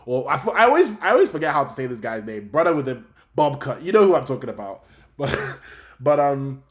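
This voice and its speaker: A young adult man, chatting casually and excitably as host of a fan review talk show, often laughing. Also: medium pitch, fairly quick.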